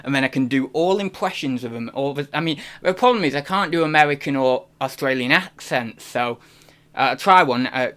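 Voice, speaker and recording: A man's voice: mid-range voice, fairly quick, fairly bright tone. A man hosting a live stream, chatting casually in a rambling, self-deprecating way. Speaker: reselling streamer host.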